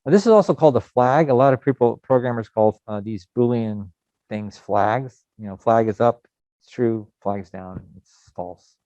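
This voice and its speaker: A middle-aged man from the United States teaching a programming lesson in a relaxed, rambling way with many fillers. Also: medium pitch, moderate pace, no echo. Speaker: programming instructor. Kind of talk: recorded coding lecture. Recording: dull lo-fi sound.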